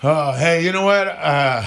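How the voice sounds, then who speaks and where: On stage before a live audience whose laughter fills the background, a forties-aged comic speaks with a fairly high, bright, forceful voice edged with vocal fry. His set is crude and rambling, full of stammered restarts and chuckles at his own material.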